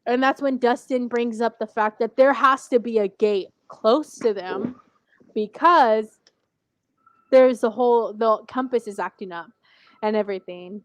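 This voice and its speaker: A woman co-hosts a laid-back TV recap podcast, talking in a loose, rambling way full of "like" and frequent laughter. Her voice sits a little high, and the sound is dry and close, with no room echo. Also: measured pace. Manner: rambling and animated, heavy use of "like", laughs often. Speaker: podcast co-host. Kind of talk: casual TV recap chat.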